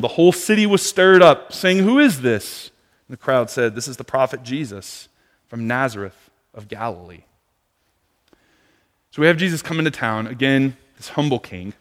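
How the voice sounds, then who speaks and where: A man preaching a sermon in a conversational way, moving between hushed, quiet passages and near-shouted ones. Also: mid-range voice. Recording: long reverb of a large hall.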